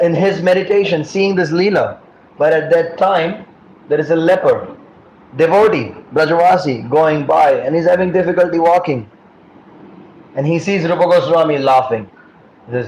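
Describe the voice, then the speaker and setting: A man giving a devotional class, telling stories with lively acted-out voices. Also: a little high, moderate pace. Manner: animated storytelling, acting out quoted voices. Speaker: class speaker. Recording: echoey room with faint noise.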